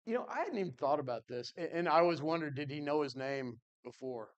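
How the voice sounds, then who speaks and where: A man's voice: a little high, animated, fast talker. A man teaching a Bible class in an earnest, conversational way, thinking aloud and answering his class.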